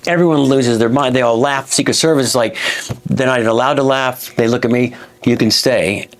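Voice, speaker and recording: A man's voice: mid-range voice, fairly even intonation, fast talker. A man in his fifties from Florida, a comedian telling a long anecdote in a dressing room, rambling with many restarts and asides. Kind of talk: stand-up style storytelling.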